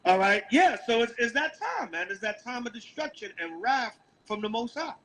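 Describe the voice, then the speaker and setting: A man's voice: extremely high pitch, big pitch swings, moderate pace, a bit bright, slight background noise, low-quality recording. A man with a Brooklyn, New York accent preaching on the street, calling out verses and asking "right?" again and again. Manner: emphatic, calls out verses, asks "right?" often. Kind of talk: street sermon with scripture reading.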